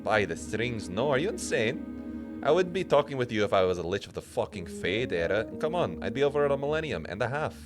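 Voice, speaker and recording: A man's voice: low voice, animated, fast talker. A man voicing an ancient, chatty, boastful male skull mage who rambles gleefully and tries an accent. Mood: scoffing. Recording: music playing underneath.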